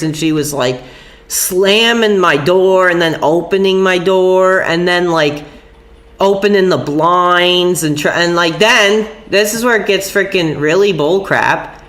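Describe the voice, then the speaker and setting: A man's voice: high voice, a bit bright. A young man live-streaming from home, rambling casually and agitatedly, with frequent "dude" and minced swears. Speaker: livestreamer. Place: at home, upstairs room.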